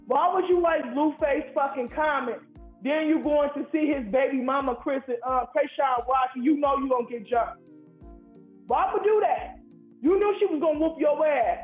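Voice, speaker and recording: A man from Ohio calls in and rants in a heated, profane, rambling way. His voice sits very high. It comes through a tinny, echoey phone line. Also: a little fast, soft background music. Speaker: caller. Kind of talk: angry call-in rant. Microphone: phone call.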